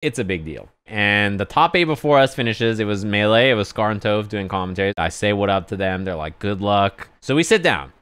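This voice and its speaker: A man telling a lively anecdote on his stream in casual chat, sometimes acting out other people yelling. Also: a little fast, few pauses, smooth, no echo. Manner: animated anecdote, acts out others yelling in high pitch.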